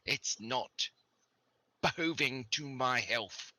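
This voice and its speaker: A man's voice: sits high, unhurried, sharp tone, breathy edge, dry recording, pitched above the performer's own voice, exaggerated voice. A man putting on a cocky guide with a silly accent. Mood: indignant. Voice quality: exaggerated silly foreign accent. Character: cocky male village guide with a put-on accent.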